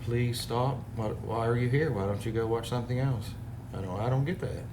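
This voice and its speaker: A man's voice: mid-range voice, a little fast. Exasperated man ranting in an echoey room. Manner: exasperated, rambling, reads comments aloud. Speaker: parody video maker. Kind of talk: casual complaint to camera. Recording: echoey room with background noise.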